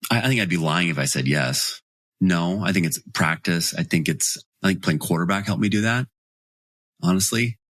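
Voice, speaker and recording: Husky-voiced man in his forties, low and dry. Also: normal speed, no echo. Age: 40s. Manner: animated storyteller, acts out quoted voices. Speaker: guest. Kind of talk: storytelling in podcast interview.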